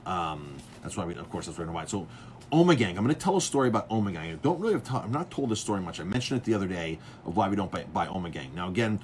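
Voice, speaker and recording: A man's voice: lowish voice, a little hiss or hum. A man, a chef and restaurant owner, chatting casually and telling rambling stories, full of fillers and restarts. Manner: animated storyteller who acts out others' lines. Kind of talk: casual chat telling stories about beer.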